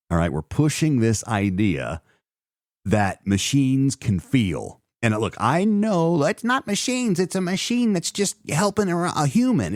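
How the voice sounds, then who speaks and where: Male podcast host, low voice with big swings in pitch, dry close-mic sound, chatty and self-interrupting. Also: darkish tone, dry recording. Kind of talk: solo podcast commentary, reading news aloud.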